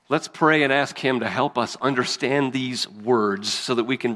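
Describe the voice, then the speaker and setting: A man of middle pitch reads scripture and preaches, earnest and emphatic, lifting his voice where the text turns to speech. The sound carries a long reverb, as if filling a large hall. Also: moderate pace, few pauses, fairly bright tone. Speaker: pastor. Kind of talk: scripture reading and sermon.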